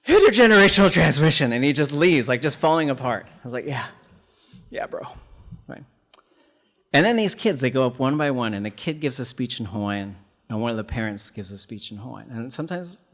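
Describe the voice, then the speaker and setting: Male professor from Alaska, earnest lecture voice, tells personal stories, bursts louder at times. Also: medium pitch. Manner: earnest storytelling, lively with sudden loud bursts. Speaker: language professor giving a lecture.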